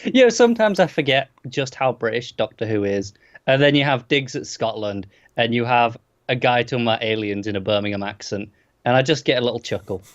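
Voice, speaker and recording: A man's voice: medium pitch, lively intonation, brisk, dull audio. A man co-hosting a casual TV review chat, enthusiastic and explaining his points. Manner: enthusiastic, explaining, slightly defensive. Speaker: podcast co-host.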